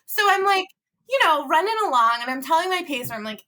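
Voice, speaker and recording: A woman's voice: high voice, quick pace. A young woman in her twenties, a podcast guest telling a funny story in casual chat, laughing often and acting out what people said. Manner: animated, laughing often, acts out quotes.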